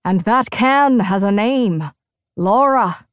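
A woman narrator voicing a sardonic young man who taunts in a dry, deadpan way. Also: medium pitch, slow, clear, resonant tone, dry recording. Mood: teasing.

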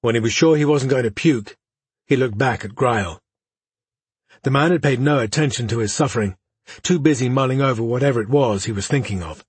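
Male audiobook narrator, measured storytelling, husky breathy voice, dry close recording. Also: medium pitch, no echo. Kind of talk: scripted narration.

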